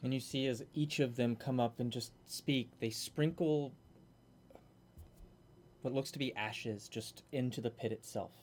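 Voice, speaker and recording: A man narrating scenes of a tabletop game in a measured, descriptive way. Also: mid-range voice, a little hiss or hum.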